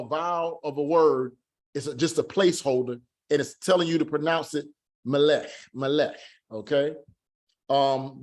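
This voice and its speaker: A man teaches a class online in a slightly high voice. He is patient and repeats each word slowly, again and again, to drill its pronunciation.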